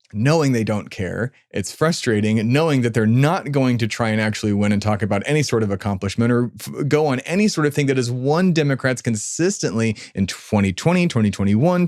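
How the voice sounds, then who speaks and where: A man's voice: medium pitch, a little mellow, no room sound, studio quality. A man co-hosting a political podcast, rambling and exasperated, swearing freely in casual chat. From United States. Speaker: podcast co-host.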